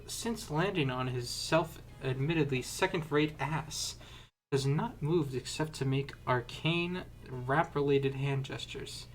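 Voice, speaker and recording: A man reading a story aloud at a measured pace during a livestream with friends. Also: fairly high pitch. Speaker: reader of a fan story on a livestream.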